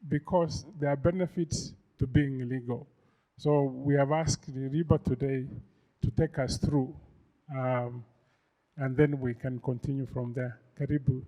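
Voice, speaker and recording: A man hosting a business forum, giving measured opening remarks full of ums and uhs before introducing the speaker. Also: medium pitch, lo-fi sound. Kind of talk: slow, deliberate opening remarks. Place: conference room with a live audience.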